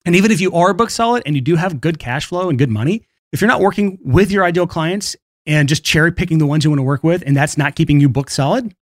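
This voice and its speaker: Male solo podcast host, rapid and casual, slightly high voice, dry sound. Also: no room sound. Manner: brisk, casual, laughs between points. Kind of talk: solo podcast monologue on marketing.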